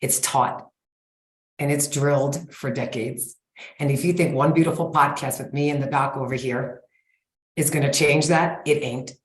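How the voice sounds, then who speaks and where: A woman's voice: a bass voice, steady tone, moderate pace. Blunt, folksy woman in her forties. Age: 40s. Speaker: guest expert on sugar cravings. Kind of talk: casual interview chat. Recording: roomy echo.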